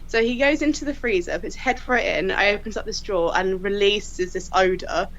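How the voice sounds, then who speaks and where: A woman's voice: medium pitch, brisk. Woman in her 30s, chatty storyteller, does the voices, slightly muffled podcast sound. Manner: lively, laughing storyteller who acts out quotes. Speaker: crime scene investigator guest. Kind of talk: casual anecdote telling.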